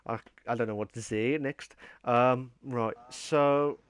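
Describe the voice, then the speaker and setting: A podcast host with a medium-pitched, steady voice speaks slowly, his clean tone free of room sound. He rambles through a casual live-streamed show, full of fillers and restarts, reading out viewer comments.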